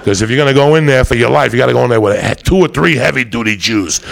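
A man's voice: mid-range voice, quick pace. A man telling a rambling, profane comic story, often laughing as he goes. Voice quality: gravelly.

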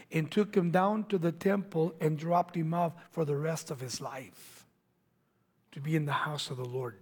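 High husky preacher guy, gravelly, acts out the bible story, goes real quiet sometimes. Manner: dramatic, acts out quoted voices, drops to near-whispers. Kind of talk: sermon storytelling.

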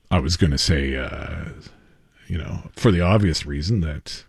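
A man hosting a call-in trivia radio show, upbeat and quick to laugh. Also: very deep voice, creaky, slightly rough, no echo, studio quality. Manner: upbeat, laughs easily, lively intonation.

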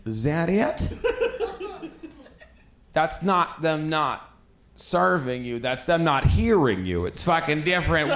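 Man, stand-up comic, blunt profane rant, fairly high voice, roomy echo. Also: expressive, slow pace, pauses often, a bit bright. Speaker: stand-up comedian. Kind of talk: stand-up comedy set.

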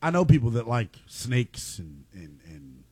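A man co-hosting a casual podcast, playful and quick to laugh. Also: medium pitch, slightly rough, dry recording. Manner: playful, animated, laughs often. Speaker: co-host.

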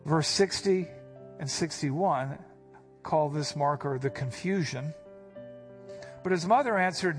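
A man's voice: fairly high pitch, slow, pauses often, soft background music. A man preaching an expository sermon, explaining a passage in a teacherly, emphatic way and punching out key words. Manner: emphatic, stresses quoted words with sudden rises. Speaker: pastor.

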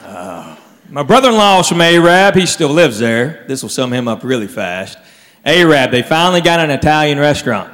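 A man performs stand-up in a large hall, his slightly high voice rising and falling with lively swings. He tells stories animatedly and drops into quiet low asides. A long reverb and a faint crowd murmur sit behind him. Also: moderate pace. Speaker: stand-up comedian. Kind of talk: stand-up comedy set. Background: faint audience and room noise.

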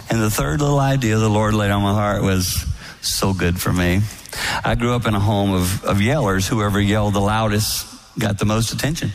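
A man giving a sermon-style talk to a live audience, telling folksy stories with soft, whispered asides. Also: on the low side. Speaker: speaker at a marriage event.

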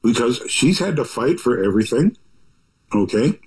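A man's voice: medium pitch, sing-song, moderate pace, a little mellow, low-quality recording. An older man, an author, talking in a rambling, folksy, reflective way full of asides and restarts. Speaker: author talking about his book. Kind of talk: reflective conversational monologue.

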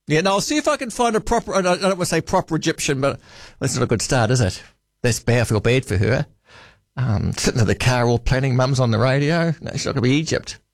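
A man's voice: mid-range voice, animated, fast talker, no echo, studio quality. A man hosting a talkback radio show, chatting casually with callers and musing aloud between calls.

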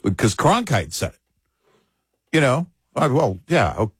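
A man's voice: mid-range voice, big pitch swings, slightly rough, no echo. A man co-hosting a talk radio show in casual political chat, chiming in often and restarting his sentences. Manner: frequent agreeing interjections, halting restarts.

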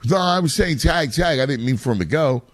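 A man's voice: fairly high pitch, animated, brisk, dry recording. A middle-aged man who coaches youth baseball, chatting casually and rambling with many restarts. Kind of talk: casual chat.

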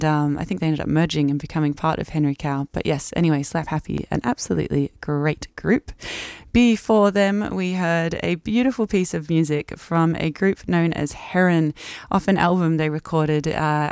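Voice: mid-range voice, darkish tone, smooth, dry recording, clean studio sound. A radio presenter chatting casually and enthusiastically between music tracks, with plenty of ums and uhs. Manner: chatty and enthusiastic, with many fillers. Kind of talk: community radio music show chat.

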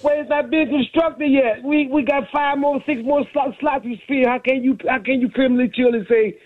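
A man calling a sports radio show, arguing his point fast. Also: very high voice, fairly even intonation. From Miami area. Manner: argumentative, fast. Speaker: caller. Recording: tinny phone line.

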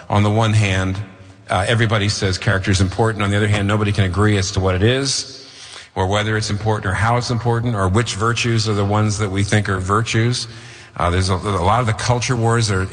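A man's voice: fairly low pitch, a bit bright, in a large hall. A man preaching a sermon, emphatic and rhetorical, repeating phrases for effect. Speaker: pastor.

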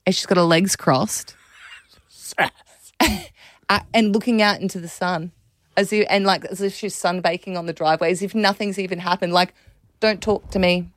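In a radio studio, this Australian woman in her thirties hosts a casual chat, animatedly telling stories and frequently laughing. Speaking into a studio mic with no echo, she has a fairly low, steady voice at normal speed and pauses often.

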